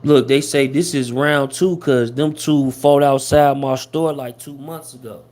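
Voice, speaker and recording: A man's voice: mid-range voice, fairly even intonation, measured pace, darkish tone. A man hosting a casual livestream, talking loosely with lots of slang and fillers. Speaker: host of a hip-hop gossip livestream.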